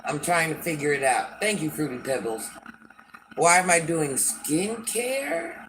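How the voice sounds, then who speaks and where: An older woman hosts a casual livestream in a low, very animated voice that's a bit bright, moving at a measured pace over a little hiss or hum. Blunt and sassy, she replies to viewer comments and often talks about herself in the third person.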